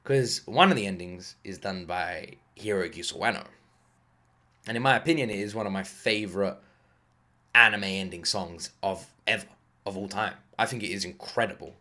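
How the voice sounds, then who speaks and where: A man hosting an anime reaction video, talking in a rambling, excitable way, swearing freely and fighting off a lingering cough. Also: low-pitched, normal speed. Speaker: anime reaction channel host. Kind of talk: casual reaction commentary.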